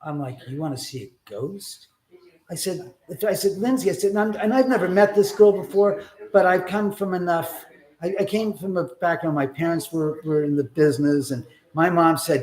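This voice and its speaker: A man with a somewhat high voice hosts a live stream from his own house. He tells his story in a loose, chatty way, slipping into the voices of the people he quotes and swearing casually as he goes. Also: normal speed.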